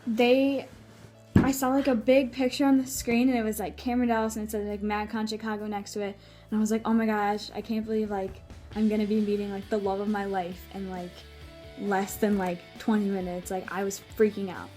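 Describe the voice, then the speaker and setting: A woman's voice: medium pitch, level tone, brisk, warm tone, soft background music. A young woman telling a story in a casual vlog, gushing and using many "like"s. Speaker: vlogger.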